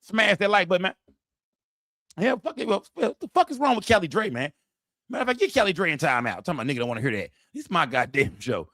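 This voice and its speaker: Brief: male stream host, AAVE, rowdy and profane, bright forceful tone, dry close mic. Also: high-pitched, big pitch swings, fast, dry recording. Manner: loud, rowdy, addresses chat directly. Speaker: livestream host. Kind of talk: profane live-stream commentary.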